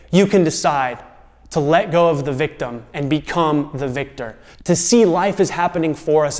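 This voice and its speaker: An earnest man delivers a motivational talk to camera in a slightly high voice. He speaks slowly and deliberately, letting phrases fall away softly. A long reverb trails behind his words. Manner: earnest, slow and deliberate, dropping to a soft voice at the ends of phrases. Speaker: host.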